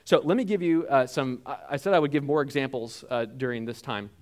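A man preaching a sermon in a conversational, animated way, with frequent filler words. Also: mid-range voice, fairly quick. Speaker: pastor.

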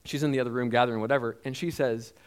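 Animated, halting male preacher. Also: medium pitch, smooth. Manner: animated storyteller who acts out quoted lines; halting, with frequent restarts. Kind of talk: sermon with personal story.

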